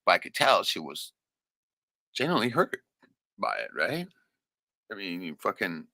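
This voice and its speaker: A man's voice: sits low, wildly swooping pitch, normal speed, creaky, pauses often, pushed and bright, no room sound. A man telling a personal story in a rambling, profane, casual way, often checking in with "right?".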